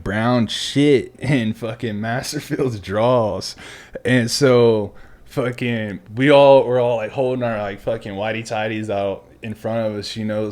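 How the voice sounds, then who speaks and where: A man hosting a podcast, a military veteran telling stories in casual chat who swears freely, laughs often and drops to a hushed voice for asides. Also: lowish voice.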